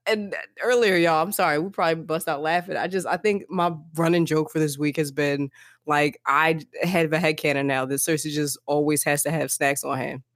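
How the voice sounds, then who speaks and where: A young woman co-hosting a casual book-discussion podcast, talking in an animated way and acting out characters in playful voices. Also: sits low, moderate pace, dry recording, clean studio sound. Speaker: podcast co-host.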